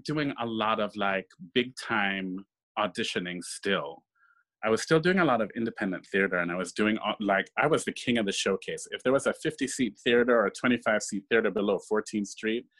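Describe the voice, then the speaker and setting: A man, a stage actor, telling stories in a casual interview and acting out the voices of people he quotes. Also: mid-range voice. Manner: animated, acts out quoted voices. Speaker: guest actor.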